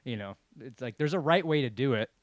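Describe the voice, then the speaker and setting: Fast-talking man giving earnest views. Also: medium pitch, lively intonation. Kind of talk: casual chat.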